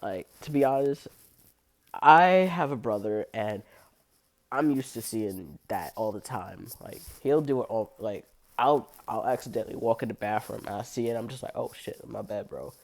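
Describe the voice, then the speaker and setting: A young woman with an unusually low voice, telling a blunt, profane story about her cleaning job in a casual vlog. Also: moderate pace. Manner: blunt, profane, heavy use of "like", laughs often. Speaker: restroom and locker room cleaner.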